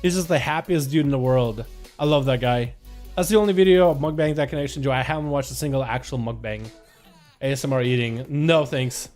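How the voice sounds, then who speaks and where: A man's voice: mid-range voice, fast, darkish tone, soft background music. A male streamer doing live game commentary and casual chat with viewers, laid-back and slangy.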